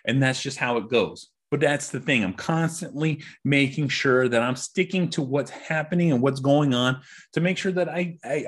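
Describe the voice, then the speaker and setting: Middle-aged male podcaster, husky, mid-pitched, swearing through a frustrated solo rant. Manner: frustrated, profane, repetitive ranting. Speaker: podcast host.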